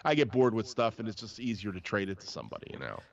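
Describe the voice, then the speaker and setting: A man's voice: lowish voice, sing-song, rapid-fire. A man hosting a casual live chat about drums, telling long rambling stories with lots of restarts. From New Jersey. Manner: rambling storyteller with many restarts. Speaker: drummer and podcast host. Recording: dull lo-fi livestream audio.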